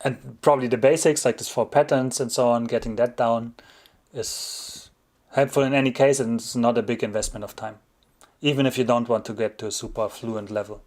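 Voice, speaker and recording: This relaxed livestream host speaks English as a second language with a German accent, talking briskly in a mid-range voice. He fields viewers' questions casually, laughing softly and rephrasing along the way.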